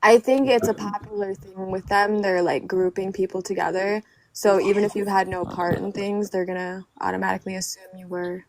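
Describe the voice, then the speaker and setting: A woman in casual chat, relaxed and talking with many fillers. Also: mid-range voice, fairly quick, hardly any pauses, a little hiss or hum.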